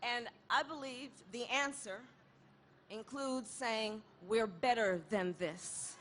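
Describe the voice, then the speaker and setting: A woman giving an impassioned protest rally speech outdoors, repeating a refrain and building to shouts. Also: fairly high pitch, slow pace, a little hiss or hum. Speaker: rally speaker.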